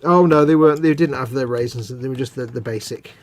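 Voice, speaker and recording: A man's voice: medium pitch, quick pace. A man chatting casually and jokily while playing a game on stream, rambling from one tangent to the next. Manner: rambling, jokey, animated. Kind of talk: casual chat over gameplay.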